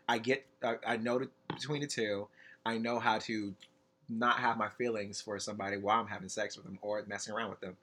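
A man hosting a casual podcast chat, candid and quick to laugh. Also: on the low side. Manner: laughs often, animated and candid. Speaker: podcast host.

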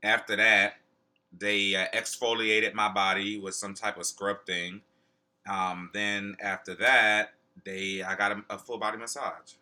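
A man's voice: on the low side, flat delivery, measured pace, bright, forceful tone. A man co-hosting a casual podcast, blunt and teasing in his banter. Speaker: podcast co-host. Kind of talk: casual chat.

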